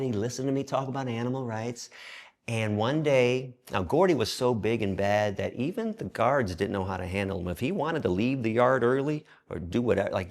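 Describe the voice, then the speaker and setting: Gravelly man in his fifties, animated storyteller. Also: lowish voice. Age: 50s. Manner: animated, profane storytelling with acted quotes. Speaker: interview guest. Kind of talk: storytelling in a conversational interview.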